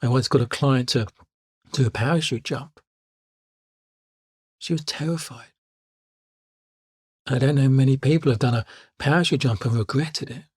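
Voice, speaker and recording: A man, a life coach telling calm personal stories in a reflective podcast monologue and repeating his key lines. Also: medium pitch, normal speed, pauses often, husky, no room sound, studio quality.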